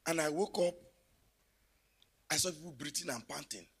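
A man preaching a sermon in a church, telling stories and rising to loud exclamations. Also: a little high, normal speed, creaky, breathy edge.

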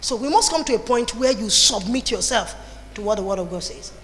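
Nigerian woman pastor preaching, high voice, big echoey hall, animated and chatty. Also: fairly quick. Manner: animated, mixes in Pidgin and Igbo phrases. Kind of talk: sermon. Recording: long reverb in a hall.

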